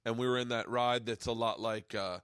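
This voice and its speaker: Excitable swearing man telling a story. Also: medium pitch, brisk, clean tone, no room sound, studio quality. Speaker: podcast host. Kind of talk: casual storytelling chat. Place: home studio.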